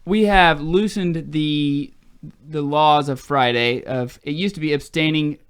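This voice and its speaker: A man's voice: fairly high pitch, unhurried, fairly bright tone, clear, resonant tone. A man co-hosting a casual chat show, reading passages aloud and steering the questions. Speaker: podcast co-host.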